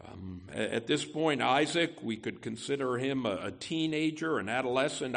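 A man preaching an expository sermon as pastor, slow and deliberate, pausing and correcting himself as he reads and explains scripture. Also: mid-range voice, vocal fry.

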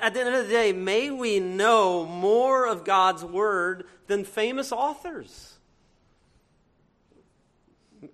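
A man with a Cajun accent mixed with a northern one, preaching a sermon in a church, talking to the congregation and asking rhetorical questions, at times loud and at times hushed. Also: a little high. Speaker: pastor.

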